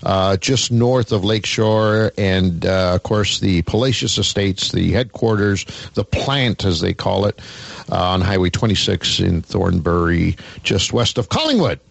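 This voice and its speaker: A man's voice: sits low, lively intonation, measured pace, creaky, no room sound. A man hosting a radio show, chatting in a folksy, casual way with many fillers.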